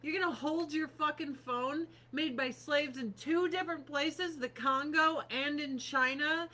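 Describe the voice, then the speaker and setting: A woman's voice: sits high, a little slow, bright, forceful tone, slight background noise. A woman in her thirties chatting casually on a livestream from her home office desk, profane and sarcastic.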